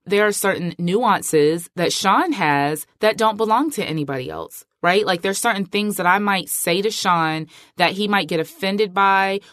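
A woman's voice: mid-range voice, measured pace, few pauses, fairly bright tone, no room sound, studio quality. Chatty, emphatic woman podcast host. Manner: chatty, emphatic, heavy use of filler like. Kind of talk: casual podcast monologue.

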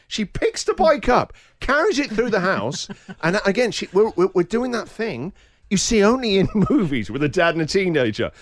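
A man hosting a radio show, telling a story in a lively way and laughing as he goes. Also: sits high, a little fast, no room sound, studio quality.

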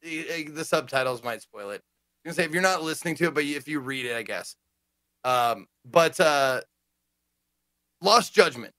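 Bright, dry-sounding male co-host. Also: fairly high pitch, animated, moderate pace, long pauses, no room sound. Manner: playful, breaks into mock announcer voices. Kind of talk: casual chat.

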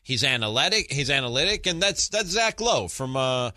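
Man, podcast host, bright voice, dry close sound, casual sports talk, conversational. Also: medium pitch, sing-song, moderate pace, no echo. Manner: conversational, restarts phrases often.

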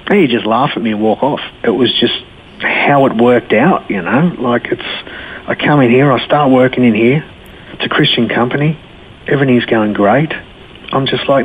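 In a casual conversation over a phone line with faint noise, a man appearing as an interview guest gives a blunt, earthy personal testimony full of slang. His voice is mid-range and his speed normal.

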